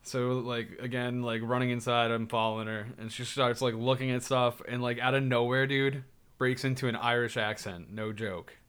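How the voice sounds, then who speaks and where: A man's voice: mid-range voice, steady tone, moderate pace, fairly bright tone, clean tone. Rambling young man telling a story. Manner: rambling, heavy on fillers and swearing. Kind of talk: casual chat.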